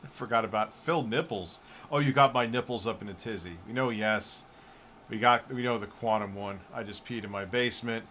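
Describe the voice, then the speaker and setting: A man's voice: lowish voice, a little fast, background noise. A middle-aged man hosting a livestream, bantering loosely and crudely while he reads chat messages aloud. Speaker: livestream host.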